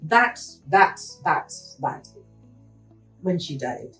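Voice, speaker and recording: An earnest woman in her forties tells a painful story from her past, often sinking to a hushed near-whisper. Her voice sits a little low. She sounds set back from the mic in a roomy space, with faint music underneath. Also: animated, extremely slow, recorded from a distance. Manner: earnest, reflective, with hushed moments. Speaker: interview guest, counsellor. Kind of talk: emotional personal storytelling.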